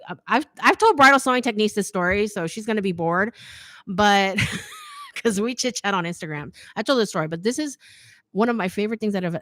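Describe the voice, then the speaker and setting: A woman in her thirties hosts a live question-and-answer stream in a loose, chatty way. She tells stories animatedly at a mid pitch and keeps checking in with "okay?". The recording is dry and close. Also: no room sound. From United States. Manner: chatty, animated storyteller who often adds "okay?". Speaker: host of a fashion design channel. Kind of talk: live Q&A stream, casual chat.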